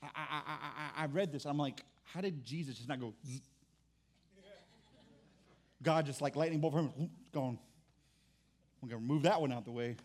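High-voiced man preaching a sermon. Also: brisk. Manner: impassioned and conversational, with restarts. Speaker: pastor.

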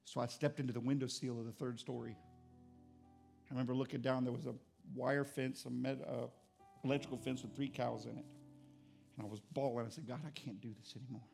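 A man's voice: mid-range voice, level tone, fairly quick, creaky, darkish tone, faint music behind. A middle-aged man, a pastor, preaching a sermon with earnest storytelling that rises to impassioned intensity.

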